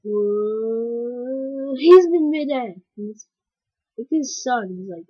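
A woman with a husky, somewhat high voice talks slowly through a game she is playing, breaking into excited yelps. The sound is dry and dull, like a cheap home mic. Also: no echo. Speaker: gameplay commentator. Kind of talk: casual gameplay commentary.

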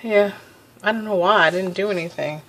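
A woman's voice: medium pitch, a little fast, a bit bright. A young adult woman giving a casual vlog update, chatty and a little out of breath, laughing often and restarting her sentences. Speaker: pregnancy vlogger.

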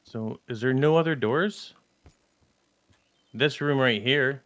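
During a zombie game, this gaming channel co-host keeps the chat casual, speaking slowly and laid-back and repeating short phrases. His voice is mid-range and fairly bright, with no room sound.

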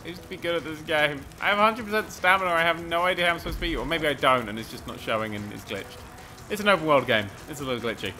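A man commentating a video game race, excitable and sweary, rambling and mocking himself, a little out of breath. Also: on the high side, fast. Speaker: gaming commentator. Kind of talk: let's play commentary.

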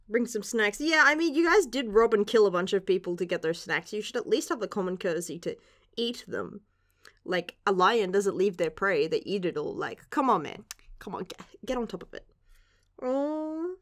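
A young woman reacting casually to a manga chapter, gushing and giggling, with casual swearing. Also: medium pitch. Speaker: manga reviewer.

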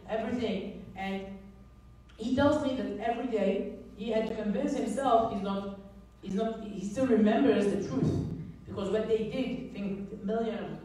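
Woman, mellow voice, animated storyteller, very echoey hall, distant mic. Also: mid-range voice. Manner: animated storyteller with many restarts. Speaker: guest speaker. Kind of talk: storytelling talk to an audience.

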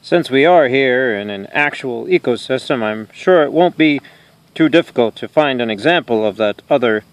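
A man hosts a comedic science lesson for kids out in the open. His voice sits at an ordinary middle pitch. He talks earnestly and mock-seriously and gets easily flustered. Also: animated, normal speed, no room sound. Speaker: science show host. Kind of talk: comedic educational presentation. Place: outdoors in a natural area.

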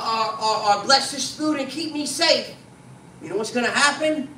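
A man's voice: very high-pitched, pushed and bright. A man preaching a sermon, earnest and conversational, often tagging his sentences with "man" and restarting his phrases. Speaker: pastor. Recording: distant mic in an echoey room with faint noise.

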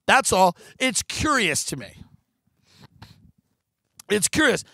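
A man's voice: sits high, sing-song, slow pace, gravelly, sharp tone, husky, no room sound. A man hosting a comedy podcast, delivering a profane, rambling, sarcastic rant and mocking his critics in put-on voices. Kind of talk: ranting comedic monologue.

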